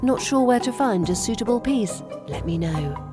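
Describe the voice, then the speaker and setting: A woman's voice: fairly high pitch, expressive, moderate pace, over music. A woman with a British RP accent giving a scripted, upbeat accent lesson for a podcast. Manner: upbeat, playful teaching tone.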